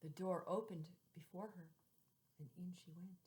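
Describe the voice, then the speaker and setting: Reading a fairy tale in a lowish, steady voice, this female storyteller lingers over repeated phrases and whispers some words. The recording is low quality, with slight background noise.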